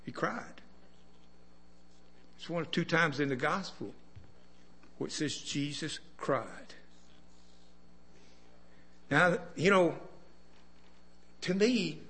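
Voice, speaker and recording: Bright-voiced man preaching a sermon. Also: fairly high pitch. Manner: conversational, asks the listeners questions.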